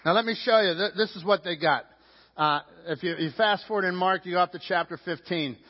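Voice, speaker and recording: A male pastor preaching a sermon, swinging his pitch and loudness and acting out the voices of a crowd. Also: brisk. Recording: dull lo-fi sound with long reverb in a hall.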